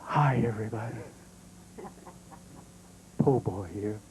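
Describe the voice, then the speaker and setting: A man's voice: fairly low pitch, slow pace, a little mellow, slight background noise, rough recording. A man doing a drawling country-boy comic. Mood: droll. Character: folksy Southern country-boy comic storyteller, male. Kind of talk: stand-up comedy monologue.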